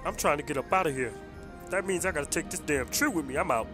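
A man's voice: fairly high pitch, quick pace, music in the background, natural voice. A man voicing a sneaky young thief who taunts cockily, in a comedy skit. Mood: cocky. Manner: cocky, taunting. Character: sneaky young male Christmas tree thief.

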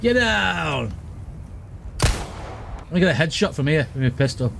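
A man giving excitable gaming commentary, shouting and laughing at the action as he plays. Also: mid-range voice, normal speed, noisy background. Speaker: gaming streamer.

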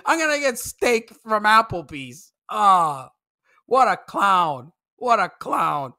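A man's voice: high-pitched, sing-song, slow, bright, forceful tone. A man delivering a heated, mocking commentary rant, full of profanity and phrases he repeats for emphasis. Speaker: commentary YouTuber. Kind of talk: ranting commentary vlog.

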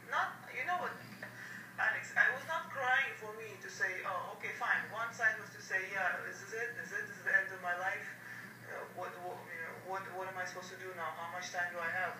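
Blunt, heated woman storyteller, mid-pitched, roomy and distant, noisy track. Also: moderate pace. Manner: blunt, heated, swears freely. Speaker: recorded speaker telling her own story. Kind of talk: emotional personal storytelling. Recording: echoey, distant room recording with noise.

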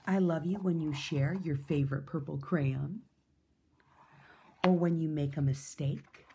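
A woman reading a children's picture book aloud in a gentle, soothing way. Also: low-pitched, a little slow, slight background noise. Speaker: storyteller.

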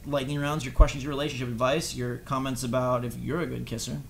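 A man's voice: mid-range voice, little pitch movement, fast talker, creaky, a little hiss or hum. A young man hosting a casual podcast, goofy and playful, joking with his co-hosts. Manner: goofy, playful, puts on silly voices. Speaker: podcast host.

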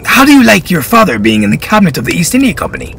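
A man's voice: sits high, wildly swooping pitch, racing, creaky, fairly bright tone, a little hiss or hum, pitched above the performer's own voice, heavily acted. A man voicing a courtly older chancellor who is genial but patronizing, in a storybook reading.

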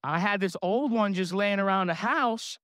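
A middle-aged man giving a motivational sales seminar, boastful and energetic, throwing questions to the crowd. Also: sits high, moderate pace, clean tone, no echo, studio quality. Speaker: sales trainer. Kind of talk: motivational seminar talk to an audience.

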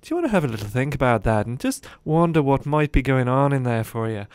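A man putting on the voice of a cheeky little Irish trainer with an Irish accent, asking gently probing questions. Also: mid-range voice, big pitch swings, fast, clear, resonant tone, dry recording, pitched above the performer's own voice, close to an everyday voice. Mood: teasing, probing.

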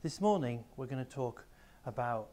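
Male teacher, mid-pitched, clear explanatory assembly delivery to pupils. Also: expressive, normal speed, warm tone. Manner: explanatory, addresses pupils directly. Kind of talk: school assembly talk. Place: school room with a small live audience.

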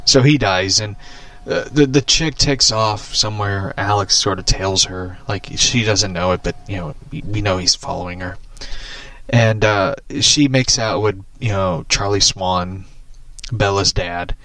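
A man's voice: fairly low pitch, measured pace, dry recording. A man casually rambling about a movie he watched, swearing often and laughing at his own remarks. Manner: animated, profane, laughing often. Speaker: vlogger.

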